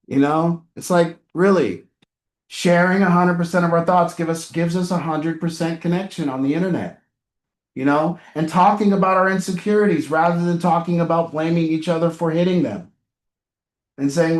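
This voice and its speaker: A man's voice: fairly high pitch, moderate pace, reverberant. A man coaching a support group in a candid, blunt way, telling stories and acting out what people say. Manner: blunt, profane, anecdotal, acts out quotes. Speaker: addiction recovery group coach.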